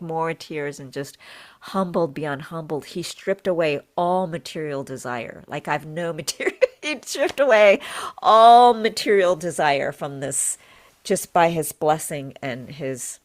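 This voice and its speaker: A woman, a healer and podcast guest, earnestly recounting a personal spiritual experience, repeating phrases for emphasis and acting out what was said. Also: low voice. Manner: animated, acts out her own and others' words. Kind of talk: emotional personal storytelling.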